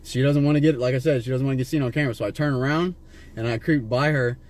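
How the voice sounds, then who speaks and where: A man's voice: medium pitch, fairly even intonation, fast talker, a little mellow. A man from Las Vegas tells a long, winding story from the driver's seat. He talks in a mid-range voice, swears freely and keeps circling back with "you know what I'm saying" and false starts. The sound comes from a handheld camera inside the car. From Las Vegas, USA. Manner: rambling and profane, with many fillers and restarts. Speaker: vlogger filming a street encounter. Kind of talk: casual rambling storytelling to a stranger.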